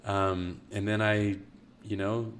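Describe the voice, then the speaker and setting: A man's voice: fairly low pitch, level tone, slow pace, clear, resonant tone. A young man casually telling a long, funny personal story on a podcast. He laughs often and restarts his sentences a lot. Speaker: storyteller guest.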